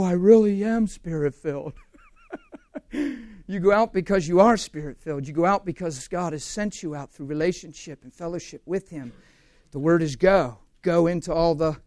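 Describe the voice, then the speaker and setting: A man preaching a sermon to students, telling his story in an animated way with laughter. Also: high-pitched, dry recording.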